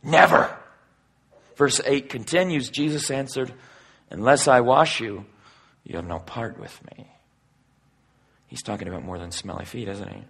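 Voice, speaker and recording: A man preaching a sermon and reading scripture aloud. He swings between loud, forceful emphasis and hushed, near-whispered passages. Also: medium pitch, normal speed, pauses often, husky. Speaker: pastor.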